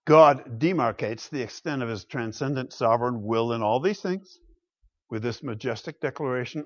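A man preaching a sermon, emphatic, swinging between loud exclamations and quiet low asides. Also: normal speed, muffled recording.

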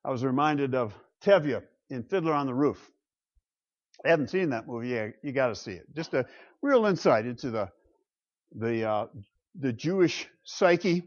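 A man giving a classroom lecture on the Psalms, emphatic and animated, with rhetorical questions and chuckles. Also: medium pitch, normal speed, muffled recording. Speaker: Bible lecturer.

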